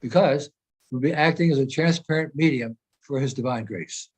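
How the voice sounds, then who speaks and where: A man's voice: medium pitch, moderate pace, darkish tone. A man speaking as a spiritual teacher in an informal discussion, earnest and explanatory, often repeating phrases as he searches for words.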